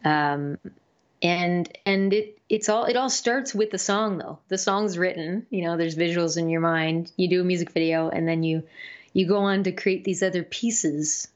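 Musician guest, woman, low-pitched, hesitant and chatty, muffled lo-fi audio. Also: moderate pace. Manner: hesitant, many fillers and restarts. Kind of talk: casual interview talk.

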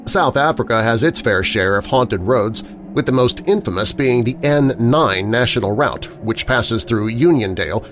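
A man reading a scripted documentary narration in a measured, dramatic storytelling manner. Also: mid-range voice, slight background noise.

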